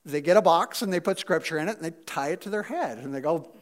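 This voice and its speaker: A pastor giving a casual, conversational sermon. His delivery is animated and swings from loud emphasis to quiet asides. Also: a little high, quick pace. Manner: chatty, with fillers and asides.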